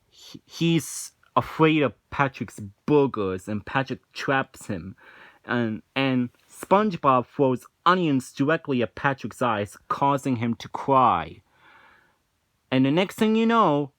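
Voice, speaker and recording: Slow, rambling man reviewing unimpressed. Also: medium pitch, big pitch swings, fairly bright tone, dry recording. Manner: rambling, frequent restarts and filler "like"; unimpressed, dismissive. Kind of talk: casual spoken review.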